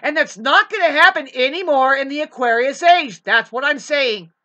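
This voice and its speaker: A woman's voice: high voice, normal speed, sharp tone. A woman delivering a heated, preachy vlog monologue, swearing often as she lectures her listeners. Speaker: vlogger. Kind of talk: profane ranting monologue.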